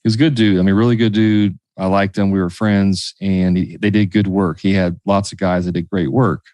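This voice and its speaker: A man's voice: sits low, steady tone, a little fast, dark tone, no echo. A man hosting a business podcast, chatting casually, telling anecdotes and joking dryly. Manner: dry, joking, tells stories. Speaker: podcast host.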